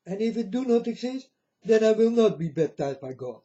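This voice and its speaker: Heard through a dull lo-fi recording, a channel host delivers a blunt, scornful, preachy rant. His voice sits high with big pitch swings and a dark tone, at a normal speed.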